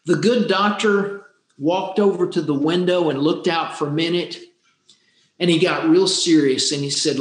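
A man's voice: on the high side, normal speed. A man telling a true life story in an earnest way, often repeating words for emphasis. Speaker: speaker on happiness. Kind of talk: storytelling talk. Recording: roomy echo.

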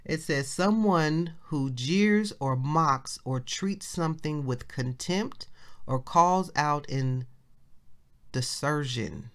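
Chatty woman minister teaching scripture. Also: low voice. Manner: chatty and colloquial, reads scripture slowly and repeats key phrases. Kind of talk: casual devotional Bible teaching.

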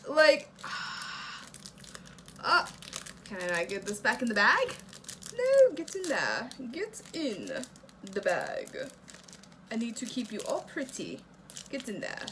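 A young woman hosting a reaction video, chatting casually as she unboxes merch, gasping and squealing with excitement. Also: fairly high pitch, takes it slowly, long pauses, a little hiss or hum.

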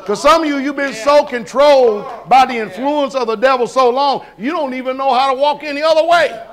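Man preaching a sabbath sermon, really high voice, folksy and lively, keeps asking the church questions. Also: a little fast. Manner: folksy, animated, shouts and laughs; questions the congregation.

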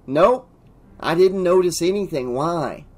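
A man's voice: animated, measured pace, a little mellow. A man doing an eerie, darkly amused guy. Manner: darkly amused, drifting into sinister low tones. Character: eerie amused young man, sinister and playful.

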